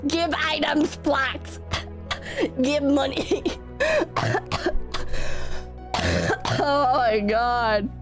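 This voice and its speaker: A young woman streaming and chatting with viewers, hoarse and coughing from illness, telling profane stories full of mocking impressions. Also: sits high, lively intonation, very slow, long pauses, soft background music. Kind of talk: casual chat with viewers.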